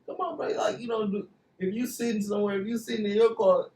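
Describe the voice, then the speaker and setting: A man's voice: sits high, flat delivery, fast talker, a little mellow. A man co-hosting a podcast, telling a story in casual chat and acting out quotes, with "you know what I'm saying" after most lines. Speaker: podcast co-host. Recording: roomy, distant mic with faint background noise.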